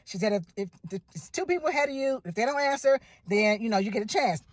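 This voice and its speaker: A woman with a high, lively voice tells a story in an animated, gushing way, repeating herself for emphasis. Her voice swings up and down a lot, and the recording is dry and close. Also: quick pace, no room sound. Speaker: vlogger telling a personal story. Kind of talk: excited storytelling to camera.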